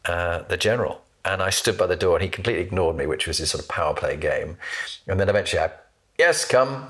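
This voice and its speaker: A man hosting a conversation, telling an anecdote and acting out the voices of the people in it. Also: sits low. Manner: animated, acts out voices in anecdotes. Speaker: podcast host. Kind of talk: storytelling in casual interview.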